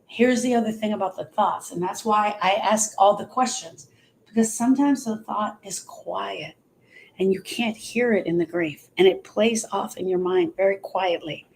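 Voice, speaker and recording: A woman's voice: mid-range voice, normal speed, a little mellow, slight background noise. A woman talking earnestly as a grief coach on a live stream, repeating phrases for emphasis.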